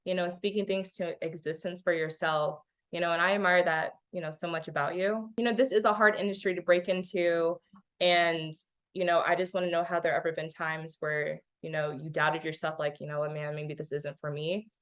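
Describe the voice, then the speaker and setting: A woman's voice: fairly low pitch, flat delivery, a little fast. A woman hosting an interview, asking questions in an encouraging, casual way. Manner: warm and encouraging, frequent "you know". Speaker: interview host.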